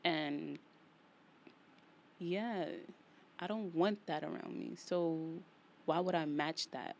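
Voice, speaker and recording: New York woman hosting a chatty solo podcast, slangy and animated, faint hiss behind. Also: deep voice, slow pace, vocal fry. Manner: animated, playful, slangy, vents with emphatic repetition. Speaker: podcast host. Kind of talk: casual solo podcast monologue.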